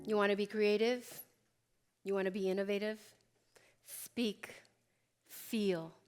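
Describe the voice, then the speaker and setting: A woman's voice: medium pitch, fairly even intonation, slow, over music. A woman presenting a workshop, speaking emphatically and directly to her audience as she coaches them. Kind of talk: motivational workshop talk.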